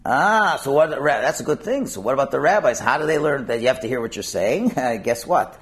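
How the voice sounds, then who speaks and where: Lively man teaching a Talmud passage. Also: medium pitch, a little fast, few pauses. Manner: animated, asks and answers his own questions; mixes in Hebrew and Aramaic terms.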